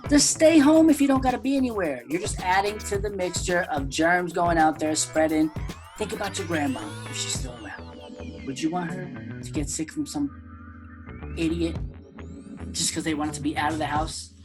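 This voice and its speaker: A man who is a comedian guest, chatting casually in an upbeat, joking way and telling animated stories. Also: a little high, moderate pace, long pauses, over music. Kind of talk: casual interview chat.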